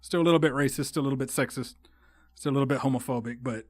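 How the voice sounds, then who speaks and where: A man's voice: medium pitch, racing, no room sound. A young man, hosting a solo podcast in a rambling, heavily profane style that often turns heated. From Texas. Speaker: podcast host. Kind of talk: casual solo podcast rant.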